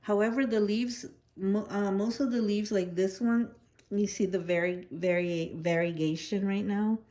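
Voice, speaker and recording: Slow-talking woman plant vlogger. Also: mid-range voice, steady tone, mellow. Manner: heartfelt, rambling with restarts. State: slightly slurred by retainers. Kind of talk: casual vlog talk.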